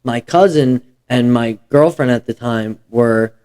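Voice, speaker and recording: A man's voice: mid-range voice, a little slow, a little mellow, smooth. A young man in his twenties hosting a podcast, telling profane, rambling anecdotes in casual chat. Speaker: podcast host.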